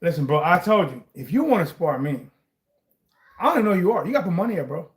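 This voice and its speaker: A man's voice: sits high, sing-song, fast talker. A man in a casual chat about sports, talking in rambling bursts and raising his voice to drive points home. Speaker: sports commentary vlogger.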